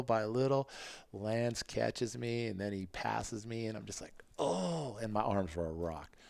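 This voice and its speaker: A man in his fifties, a podcast guest, telling racing stories in a casual, animated way and acting out what people said. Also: creaky, dry recording, clean studio sound. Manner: animated, acts out quotes in a higher voice. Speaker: podcast guest, former motocross racer. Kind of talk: casual interview storytelling.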